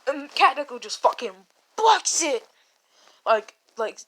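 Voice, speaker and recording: A woman's voice: high-pitched, sing-song, slow pace, long pauses, fairly bright tone. A woman casually retelling a made-up fan story, rambling and swearing, with many restarts. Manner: rambling and profane, full of restarts and "like".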